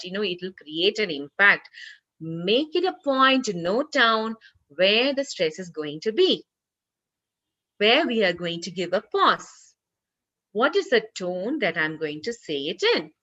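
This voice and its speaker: Woman trainer on a video call, bright voice, earnest, lots of "you know", muffled sound. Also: mid-range voice. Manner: earnest, repeats herself, many "you know" fillers. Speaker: corporate trainer. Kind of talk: online training session talk.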